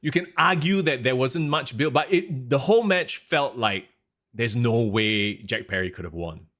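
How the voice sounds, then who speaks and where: A man's voice: mid-range voice, animated, normal speed, a bit bright. A man, co-hosting a casual wrestling podcast, ranting animatedly and mimicking announcers. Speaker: podcast co-host.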